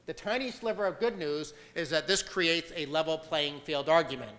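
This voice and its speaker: A man's voice: fairly high pitch, normal speed, fairly bright tone, long reverb tail. Emphatic American man giving a talk. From United States. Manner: emphatic, argumentative, frequent "uh" fillers. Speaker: conference speaker. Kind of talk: conference talk.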